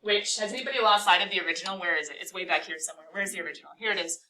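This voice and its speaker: A woman teaching a calculus class, talking through a problem and firing quick questions at her students. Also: on the low side, sharp tone, distant mic, a little hiss or hum, low-quality recording. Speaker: math teacher.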